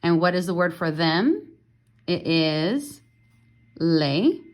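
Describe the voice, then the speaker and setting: A woman French teacher explaining grammar in a casual recorded lesson at home, patient and unhurried with small fillers. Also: on the low side, big pitch swings, lo-fi sound.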